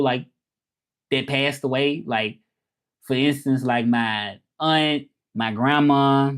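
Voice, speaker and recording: A man from Memphis, hosting a casual livestream and talking in a relaxed, rambling way with lots of fillers. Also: a little high. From Memphis, USA. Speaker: livestream host.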